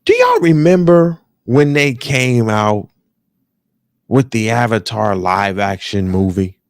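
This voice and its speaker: Animated, profane American man ranting. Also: mid-range voice, slow pace, no echo, studio quality. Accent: African American English. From United States. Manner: animated, profane, repeats phrases for emphasis. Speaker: podcast host. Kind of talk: casual ranting commentary.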